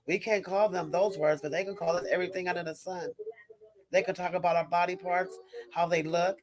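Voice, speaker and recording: Over a background crowd and low-quality audio, a mother of young kids runs a live stream and responds to her viewers' chat messages. Her voice is on the low side and steady, moving fairly quickly as she rants impassionedly, repeating herself and breaking off to restart sentences.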